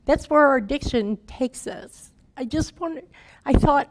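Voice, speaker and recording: Telling her personal recovery testimony as a guest speaker, this woman in her fifties is raw and emotional, speaking frankly in folksy, plain language. She talks at normal speed in a high, creaky voice.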